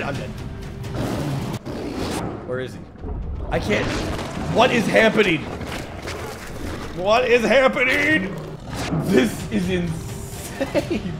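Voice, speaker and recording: Excitable man yelling over game music. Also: high voice. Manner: excitable, jokey, yelps and shouts when panicked. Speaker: gaming YouTuber. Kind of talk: gameplay commentary.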